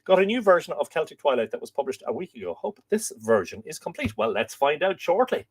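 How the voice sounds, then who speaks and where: A man's voice: on the high side, sing-song, quick pace, husky. An Irish man hosting a live stream, chatting casually and reading viewer comments aloud, with a lot of musing asides and filler words. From Ireland. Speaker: host.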